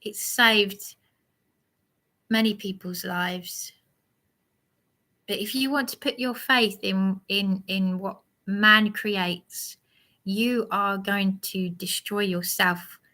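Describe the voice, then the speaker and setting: A woman rambles through a live monologue, preachy and aggrieved, answering a commenter slowly and haltingly. Her mid-range voice holds a steady tone but comes out pushed and bright.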